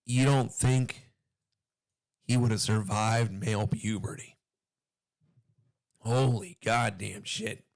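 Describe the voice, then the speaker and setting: A hoarse man hosting a reaction commentary video, talking in a profane, furious rant. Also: lowish voice, steady tone, slow pace, long pauses, no echo, clean studio sound.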